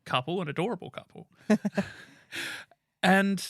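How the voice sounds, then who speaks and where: A man co-hosting a podcast in casual chat, excitable and rambling, with the odd swear. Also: high-pitched, a little slow, dry recording, studio quality. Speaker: podcast co-host.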